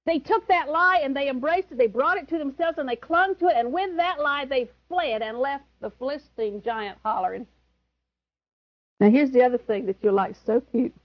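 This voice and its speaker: A woman's voice: fairly high pitch, highs cut off. A woman preaching a sermon, emphatic and chuckling, who repeats her key words.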